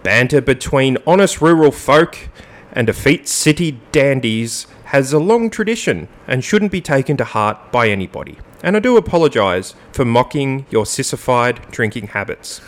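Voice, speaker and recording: Male podcast co-host, animated pitch, dry comic banter and deadpan mock-formal reading. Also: normal speed, hardly any pauses. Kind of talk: casual banter and reading a statement aloud.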